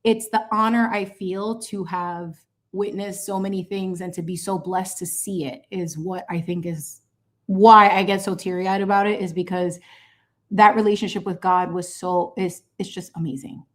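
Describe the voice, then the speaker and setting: A woman's voice: fairly low pitch, moderate pace. A woman chatting sassily and playfully while she paints on a livestream, mixing in bits of Spanish. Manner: animated, sassy, playful with lots of asides. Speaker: channel host painting on a livestream.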